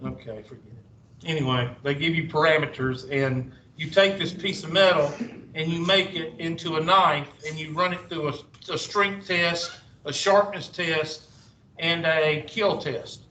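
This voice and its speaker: A man's voice: on the high side, steady tone, unhurried, pushed and bright, a little hiss or hum. A male math teacher, lecturing a class with rambling, sarcastic asides. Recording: echoey classroom from far off.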